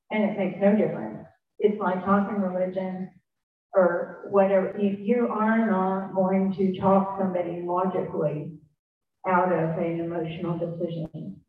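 A woman talks frankly to a group about twelve-step recovery, wandering and self-mocking with frequent restarts. She sits far from the mic in a very echoey room. The sound is thin and phone-like. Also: lowish voice. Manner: candid, self-deprecating, rambling with restarts. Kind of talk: informal talk to a group.

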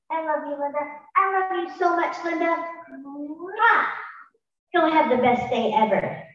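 A middle-aged woman giving a chatty, emphatic motivational testimony to a live audience, with spoken affirmations. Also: a little high. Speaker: speaker sharing her story. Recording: far-off echoey room, dull sound.

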